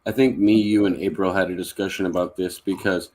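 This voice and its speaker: Man, very deep voice, young adult, from kentucky, rambling, easygoing live-stream host. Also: fairly even intonation, fairly quick, darkish tone. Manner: easygoing, rambling with frequent fillers and laughs. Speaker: livestream host. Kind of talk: casual live-stream chat. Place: home.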